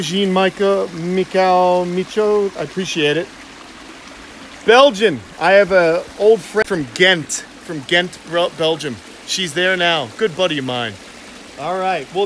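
This reptile channel host's high-pitched, slightly bright voice comes through with a faint hiss or hum. Streaming casually by an outdoor pond, he keeps things upbeat, cracks jokes, and reads his viewers' comments out loud.

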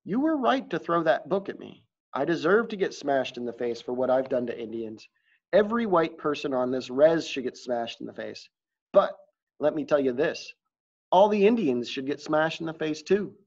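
A man's voice: fairly high pitch, very animated, normal speed, darkish tone. A man voicing an earnest, passionate male teacher who speaks with urgent pleading, in a dull lo-fi recording. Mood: furious. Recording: dull lo-fi audio.

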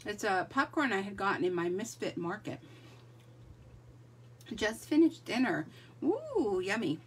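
Chatty husky-voiced woman hosting a livestream. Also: mid-range voice, a little slow, far from the mic. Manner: chatty, greets viewers by name, lively. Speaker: livestream crafting host. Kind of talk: casual live chat.

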